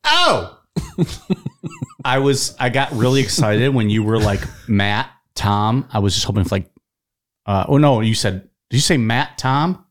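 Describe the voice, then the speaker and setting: A man's voice: mid-range voice, normal speed. A man with a southern Ohio accent co-hosting a podcast, rambling and laughing often in casual banter. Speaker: podcast co-host.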